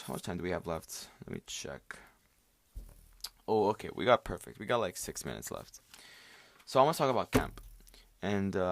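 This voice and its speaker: A man's voice: lowish voice, no room sound. A young man hosting a solo podcast, rambling with lots of fillers and restarts, tired and worn out. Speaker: podcast host.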